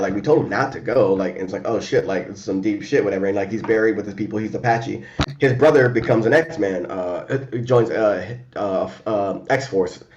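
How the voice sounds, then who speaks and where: A man in a casual remote chat, talking fast and loose with lots of fillers, restarts and swearing. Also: on the low side, muffled recording. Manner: animated and profane, many fillers and restarts. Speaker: podcast co-host.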